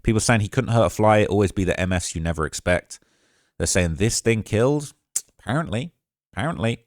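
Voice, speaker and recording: Fast-talking deep-voiced man reacting. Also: dry recording, studio quality. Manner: fast, casual, talks over quotes with quick asides. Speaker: commentary channel host. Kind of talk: reading and reacting to chat messages.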